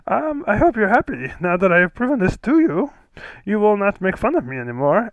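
A man's voice: sits high, no room sound, heavily acted, rough recording. A man in an improvised comedy sketch playing an earnest, rambling guest whose clothes keep disappearing.

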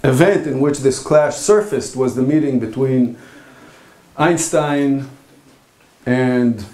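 Man, philosophy lecturer, academic conference talk, halting and thoughtful, roomy lecture hall sound. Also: medium pitch, creaky, a little mellow. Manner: halting, thoughtful delivery with frequent pauses.

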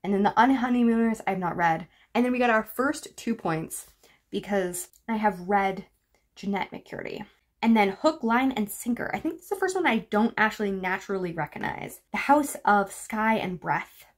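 A woman's voice: medium pitch, expressive, a little fast. A woman vlogging about books in a casual chat to camera, rambling and wry as she runs through a list of titles. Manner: chatty, rambling and wry, lists book titles. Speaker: book vlogger.

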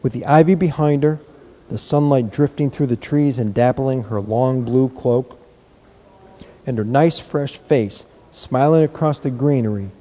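A man reading a children's novel aloud in a measured, gentle storytelling manner. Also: medium pitch. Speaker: reader.

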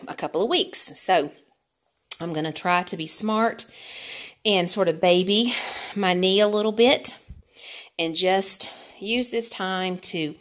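A woman chatting candidly to camera on an exercise bike, a little out of breath, with lots of fillers. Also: on the low side. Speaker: vlogger. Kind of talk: casual talk to camera while cycling.

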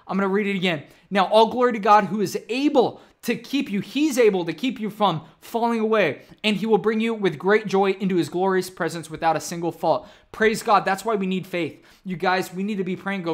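A man's voice: high voice, fairly quick. A man preaching and praying as a pastor in a fervent sermon, often calling his viewers "you guys.". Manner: ends in a prayer. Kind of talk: online sermon. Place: home room.

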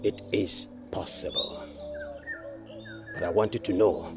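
A solemn otherworldly spirit guide, nigerian accent, slow and drawn out, film score behind. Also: male voice, on the low side, music in the background. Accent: Nigerian English. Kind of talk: film acting.

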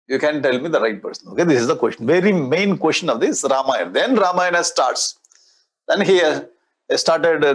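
A man's voice: on the high side, slightly rough. A man with a Tamil-influenced Indian English accent gives a spiritual discourse as a swami, explaining Sanskrit verses line by line with playful mimicry.

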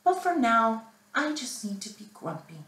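A sulky, grumpy male monkey from a children's storybook, as a woman reading aloud puts him on. His lines rise and fall in a lively way. The sound is roomy and picked up from a little way off the mic. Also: on the high side, measured pace, distant mic.

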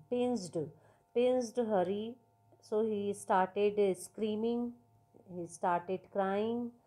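A woman's voice: mid-range voice, a little mellow. A woman teacher with an Indian accent explaining a story to students, patiently repeating words and mixing in Hindi. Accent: Indian English.

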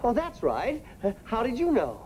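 A man's voice: very high-pitched, wildly swooping pitch, normal speed, darkish tone, slight background noise, full character voice, low-quality recording. An actor playing a flustered middle-aged father who stammers through his excuses, in 1950s sitcom style. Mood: sheepish.

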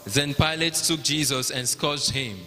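A man with a Nigerian accent narrating the Passion at a liturgy, in a measured, even reading. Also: a little high. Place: large cathedral. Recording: long cathedral reverb.

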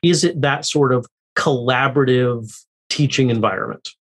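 A man's voice: mid-range voice, normal speed, husky, low-quality recording. A man hosting a podcast interview, asking thoughtful questions and rephrasing them at length. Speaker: podcast host.

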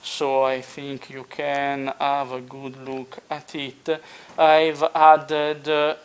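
Male tutorial narrator, unhurried and hesitant, mid-pitched and thoughtful. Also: level tone, clear, resonant tone. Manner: slow and deliberate, many filler pauses. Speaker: hobbyist model builder explaining his build.

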